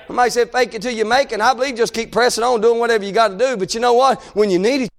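A male preacher with a strikingly high-pitched voice delivers a fervent sermon. He swings from shouted calls to quiet, hushed readings of scripture. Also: steady tone, racing.

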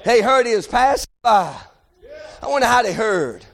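A male preacher, delivering a rhythmic sermon that swings between shouted pleas and half-sung lines. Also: very high voice, lively intonation, moderate pace, creaky.

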